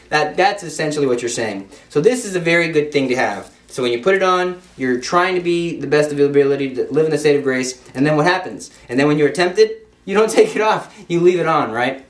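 A man's voice: on the high side, expressive, brisk. A young man giving an informal Catholic devotional talk in an emphatic, repetitive way, with playful asides. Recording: echoey room, speaker off-mic.

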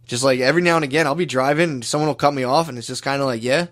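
A man's voice: mid-range voice, racing, fairly bright tone. A young man in casual crude chat, rambling through stories, saying "dude" constantly and laughing often.

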